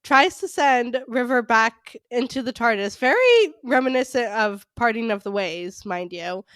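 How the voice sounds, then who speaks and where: Woman podcast co-host, fairly high voice, gushing and rambling, close dry mic. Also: lively intonation, measured pace, fairly bright tone, dry recording. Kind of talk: casual fan podcast chat.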